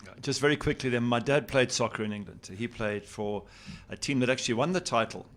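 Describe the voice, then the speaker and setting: A man's voice: mid-range voice, fairly quick, a bit bright. Chatty joking middle-aged man. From South Africa. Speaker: radio guest, soccer commentator. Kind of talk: casual chat. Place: radio studio.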